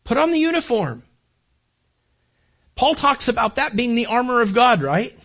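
A man's voice: very high-pitched, big pitch swings, normal speed, a bit bright. An older man preaching a sermon as a pastor, talking to the congregation in a conversational way and often repeating words while he builds a point.

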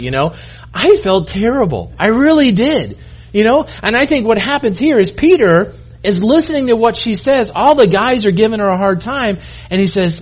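A man's voice: high-pitched, animated, normal speed, pauses often, breathy edge. A middle-aged man preaching a sermon in a conversational way, often restarting and acting out the people he quotes. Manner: conversational, self-interrupting, acts out quoted voices. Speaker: pastor.

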